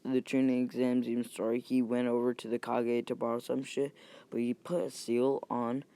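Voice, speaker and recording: A man's voice: medium pitch, level tone, moderate pace, mellow, clean tone. A young man casually retelling an imagined fan story, rambling, swearing freely and correcting himself as he goes. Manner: rambling, profane, self-correcting.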